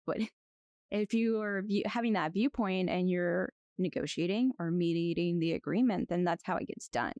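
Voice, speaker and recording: A woman lawyer being interviewed, chatting in a rambling, lively way with frequent restarts. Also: on the low side, moderate pace, dry recording, lo-fi sound. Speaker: guest, lawyer. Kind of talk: conversational interview.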